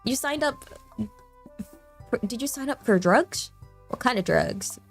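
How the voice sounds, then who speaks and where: A woman's voice: fairly high pitch, lively intonation, a little slow, faint music behind. A young woman from southern England with a southern English accent, chatting casually on a live stream in a bubbly, rambling way, repeating words as she talks.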